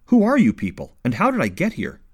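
A hardy army officer in an audiobook, hoarse and worn from the cold, as a man reads him. His voice moves with lively pitch even in fatigue. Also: fairly quick, full character voice. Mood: weary.

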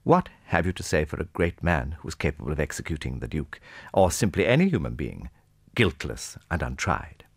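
A man's voice: a bass voice, big pitch swings, fairly quick, slightly rough, no echo, exaggerated voice. A man voicing an anxious society hostess who insists with raised, pleading politeness.

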